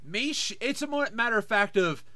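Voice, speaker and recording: A man's voice: very high voice, expressive, a little fast, bright, forceful tone, dry recording, studio quality. A man co-hosting a podcast, chatting casually and ranting in a crass, profane way. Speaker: podcast co-host. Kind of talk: casual banter.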